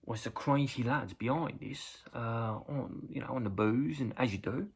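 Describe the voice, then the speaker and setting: Man, English accent, middle-aged, casual rambling anecdote, gravelly, husky. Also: mid-range voice, moderate pace. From England. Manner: rambling anecdote with many fillers, jumping into loud acted quotes. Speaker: vlogger reacting to a video. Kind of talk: casual storytelling.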